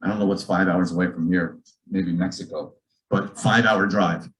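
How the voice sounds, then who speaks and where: A man, a physician, telling a story to a church gathering in a lively, joking way, acting out the dialogue. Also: low voice, normal speed, low-quality recording. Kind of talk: storytelling talk to a church audience. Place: church auditorium.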